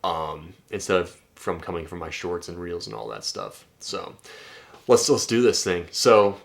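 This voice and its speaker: A man with a deep, low voice talks through text exchanges as a dating coach. His delivery is casual and chatty, with occasional swearing and a habit of ending points with "right?". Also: lively intonation, a little slow, vocal fry. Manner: loose and chatty, swears, keeps asking "right?". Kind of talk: casual commentary reading out texts.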